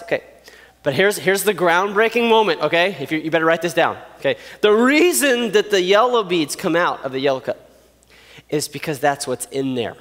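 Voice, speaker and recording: A man giving a youth sermon in a playful, animated way, acting out little scenes. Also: fairly high pitch, moderate pace, in a large hall. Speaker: youth pastor.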